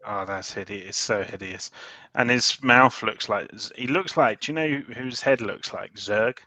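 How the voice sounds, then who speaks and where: A man's voice: lowish voice, pushed and bright, no room sound. A British man co-hosting a casual chat about comics, joking and laughing often. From Britain. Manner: laughing, joking, quick banter. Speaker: podcast co-host.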